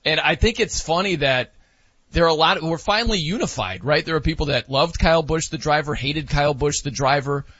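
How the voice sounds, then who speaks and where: Bright, husky man talking sports. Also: on the high side, fairly quick, dry recording. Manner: animated, laughing, mimics wrestling announcers. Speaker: sports talk co-host. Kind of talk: casual sports chat. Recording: dull lo-fi dry sound.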